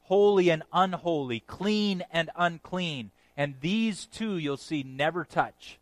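A man's voice: slow, few pauses, dry recording, poor audio. Emphatic preacher man, dry close sound. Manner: earnest, emphatic, drops to a hushed low voice on key phrases. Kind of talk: sermon.

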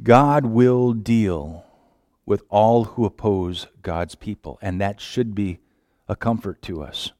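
A man preaching a sermon with passion, moving from quiet, reflective lines to sudden wailing cries. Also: lowish voice, takes it slowly, no room sound, studio quality.

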